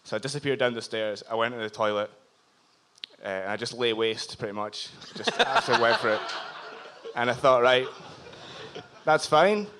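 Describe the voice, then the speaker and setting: A man's voice: mid-range voice, expressive, brisk, pushed and bright, slight background noise. A man from Scotland with a Scottish accent, telling a self-deprecating comic story on stage at a live show in a bar. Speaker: audience member telling a story. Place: live comedy bar venue.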